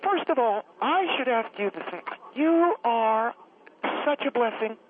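A man's voice: extremely high pitch, lively intonation, measured pace, noisy background, pitched above the performer's own voice. A man voicing a fawning, rambling middle-aged woman caller who gets choked up easily. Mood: gushing. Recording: tinny phone line.

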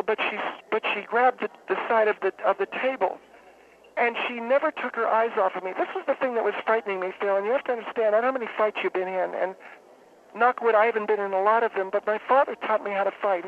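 A woman calling in to a radio show, telling a long story in a halting, rambling, deadpan way. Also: mid-range voice. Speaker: radio caller. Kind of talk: phone-in storytelling. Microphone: telephone. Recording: tinny phone line with faint hiss.

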